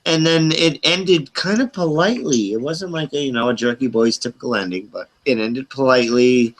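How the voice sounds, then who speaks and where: A middle-aged man on an open group call, casually telling a long, profane, animated story with quoted voices. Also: medium pitch, brisk, hardly any pauses, poor audio. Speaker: hangout participant.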